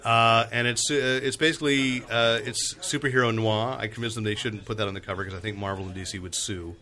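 A man's voice: mid-range voice, fairly even intonation, fairly quick, pushed and bright. A man hosting a casual group podcast, chatty, often laughing and trailing off with fillers. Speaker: podcast host and comic editor.

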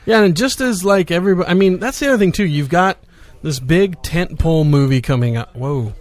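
Chatty man with a higher voice. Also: expressive, no echo. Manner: chatty, quick interjections. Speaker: podcast co-host. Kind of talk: casual chat.

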